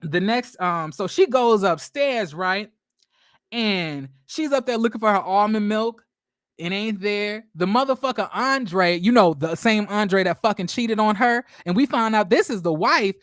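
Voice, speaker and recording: Swearing, animated man recapping a show. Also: high voice, unhurried, dry recording, studio quality. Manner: animated, swears a lot, addresses viewers as y'all. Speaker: show reviewer. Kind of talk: casual profane recap.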